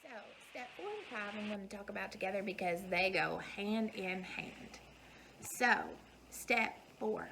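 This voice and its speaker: A woman's voice: mid-range voice, creaky, sharp tone, low-quality recording. Mom in her 30s talking straight to camera, earnest and folksy, repeats stuff for emphasis, little bit of hiss behind. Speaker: vlogger. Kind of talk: motivational talk to camera.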